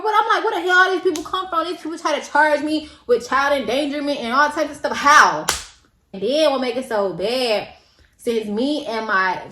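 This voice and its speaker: A young woman telling a casual storytime, slangy and animated, acting out the people in it with big jumps in pitch. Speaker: vlogger. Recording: echoey room with faint ambience.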